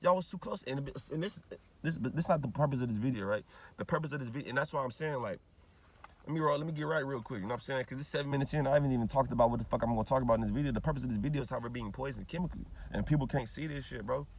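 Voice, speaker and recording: A man's voice: medium pitch, racing, a little hiss or hum. A young man, telling a rambling, profane story straight to the camera in a ranting vlog. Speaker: vlogger.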